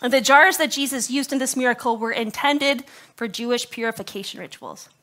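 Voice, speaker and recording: A woman preaching to her congregation in a bright, fairly high voice with a touch of scratchiness in her throat. She keeps the sermon conversational, tossing in quick jokes and asides to the people in front of her. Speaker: pastor. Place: church service before a congregation.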